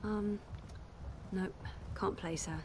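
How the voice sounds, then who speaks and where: Wry young heroine. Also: female voice, mid-range voice, fairly even intonation, takes it slowly, darkish tone, a little hiss or hum. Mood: puzzled. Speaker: game protagonist. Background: game music.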